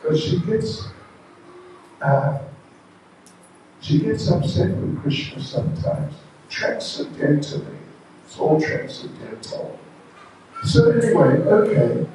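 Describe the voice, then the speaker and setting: Monk telling a story slow, high mellow voice, super echoey temple hall far from the mic. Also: male voice, sing-song, noisy background. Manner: slow, conversational storytelling with asides. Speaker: visiting monk preacher. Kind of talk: storytelling sermon.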